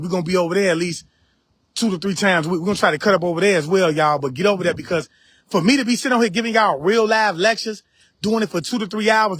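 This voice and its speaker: A man's voice: high-pitched, fairly bright tone, no room sound, clean studio sound. A man giving a casual spiritual lecture on a live stream, talking straight to his viewers, repeating his points and speaking. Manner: preachy, repeats phrases, addresses viewers directly.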